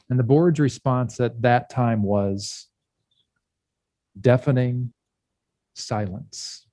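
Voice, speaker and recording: A male pastor giving a candid sermon, speaking with pauses and restarts. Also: mid-range voice, steady tone, mellow, no room sound. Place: church.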